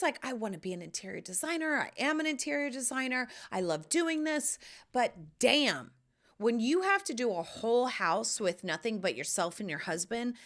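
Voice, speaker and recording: Animated, foul-mouthed American woman host. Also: mid-range voice. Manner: profane, animated, swings from hushed asides to loud exclamations. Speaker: podcast host. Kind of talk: casual monologue.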